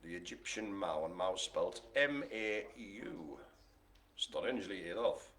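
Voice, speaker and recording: A man's voice: low-pitched, lively intonation, measured pace, a bit bright. A man hosting a live online bingo game, chatty and jokey, full of puns and asides. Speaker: bingo host.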